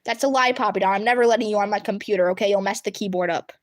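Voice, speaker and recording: Racing along in a mid-range voice, a woman livestreams from home at her computer. Her casual chat with viewers is giggly and animated, punctuated by frequent bursts of laughter.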